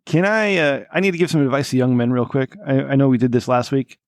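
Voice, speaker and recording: A man's voice: mid-range voice, quick pace, no room sound, clean studio sound. A man hosting a casual podcast, loose and profane, teasing his co-hosts. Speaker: podcast host.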